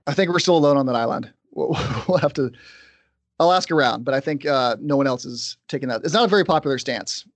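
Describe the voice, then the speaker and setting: A man's voice: mid-range voice, lively intonation, no echo. Opinionated podcast host man, dry sound. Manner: opinionated, brisk and conversational. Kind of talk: casual sports podcast chat.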